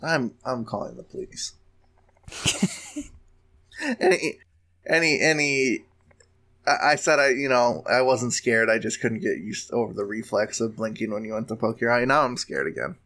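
A man's voice: medium pitch, normal speed, long pauses, pushed and bright. A man co-hosting a podcast, chatting casually and joking, laughing often and restarting his sentences. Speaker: podcast co-host. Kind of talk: casual comedic chat.

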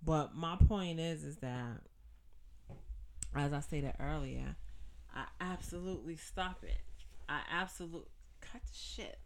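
A woman's voice: low-pitched, slow pace, a little mellow, a little hiss or hum. A woman in a casual podcast chat, blunt and teasing, with emphatic points.

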